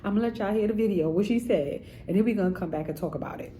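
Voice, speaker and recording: A woman's voice: mid-range voice, rapid-fire, mellow, slight background noise, rough recording. A woman giving casual, sassy commentary straight to her viewers. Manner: chatty, sassy, addresses viewers directly. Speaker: commentary vlogger.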